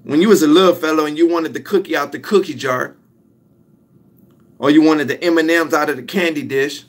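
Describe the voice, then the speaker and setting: A young man gives a motivational talk in an emphatic, repetitive way. He leans on his main points and slows down to land them. His voice sits slightly high for a man. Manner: emphatic, repetitive, drawn-out punch lines. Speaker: motivational speaker.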